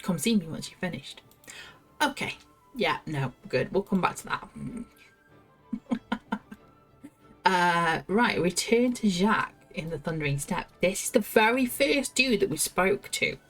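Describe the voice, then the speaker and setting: A woman's voice: fairly low pitch, expressive, unhurried, pauses often, faint music behind. A woman streaming a video game, chatting casually, laughing to herself and reading quest text aloud. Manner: chatty, giggly, talks to herself.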